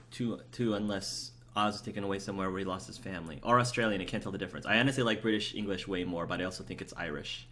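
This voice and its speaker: A man with a somewhat low voice talks his way through a video game. He is chatty and eager, answering his viewers and rambling with fillers as he goes. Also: a bit bright, a little hiss or hum. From United States. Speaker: let's play host. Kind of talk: casual gameplay commentary, reading chat aloud.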